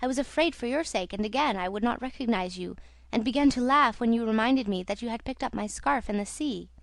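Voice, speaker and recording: A devoted young female singer pours out her story, read by a woman in a storybook telling. The voice sits fairly high and soft, and the recording is dry and close. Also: brisk, vocal fry, no echo. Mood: confiding. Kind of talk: audiobook reading.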